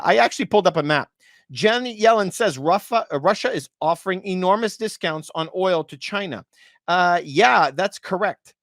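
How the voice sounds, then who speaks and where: A man in his thirties speaks straight to his viewers with fairly high pitch for a man. He presses his points hard and repeats himself for emphasis. The sound is dry and close, with no room echo. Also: fairly bright tone. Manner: emphatic and repetitive, often calls things unbelievable. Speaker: real estate video host. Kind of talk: casual commentary to viewers.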